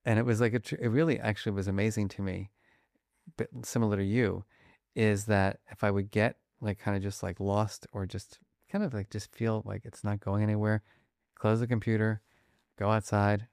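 A man being interviewed about his research, talking quickly and acting out little scenes as examples. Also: fairly low pitch, no echo, studio quality. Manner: animated, fast-talking, acts out examples. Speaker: guest, emotion researcher. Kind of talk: conversational interview.

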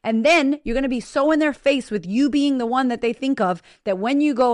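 A woman hosting a podcast in a casual motivational monologue, blunt and profane, talking straight to her listeners with energetic emphasis. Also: high voice, fairly quick, few pauses, no echo. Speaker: podcast host and business coach.

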